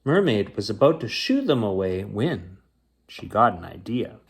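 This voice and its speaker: A man reading a children's picture book aloud at bedtime. He reads slowly, and his voice rises and falls a lot to bring the story alive. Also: vocal fry. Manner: slow, expressive reading with lively pitch.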